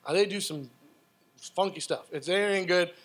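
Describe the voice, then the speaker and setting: A man preaching a sermon and telling personal stories in a casual, animated way. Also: high-pitched, normal speed. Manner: animated, excitable storytelling; casual, conversational with fillers.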